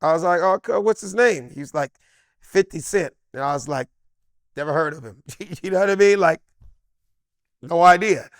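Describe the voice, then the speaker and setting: A comedian in his fifties from Los Angeles, telling stories as an interview guest in a lively, slangy, emphatic way and acting out the voices of the people he quotes. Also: sits high, normal speed, long pauses, dry recording, clean studio sound. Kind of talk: animated storytelling in a sit-down interview.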